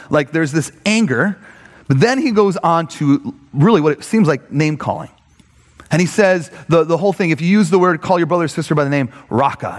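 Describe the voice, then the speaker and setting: Animated man preaching in a reverberant hall. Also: on the high side. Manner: animated, filler-heavy, asks "right?" often. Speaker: pastor. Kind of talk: conversational sermon.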